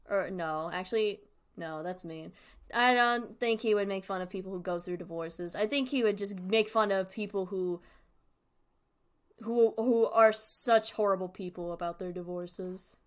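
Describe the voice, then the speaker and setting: A woman's voice: mid-range voice, fairly bright tone. A woman streamer chatting casually and digressively while reacting to a horror series, often breaking into laughter. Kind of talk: casual live-stream commentary.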